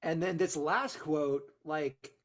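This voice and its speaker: A woman co-hosting a podcast, chatting in a rambling, animated way with many fillers. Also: sits low, takes it slowly. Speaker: podcast co-host. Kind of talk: casual chat.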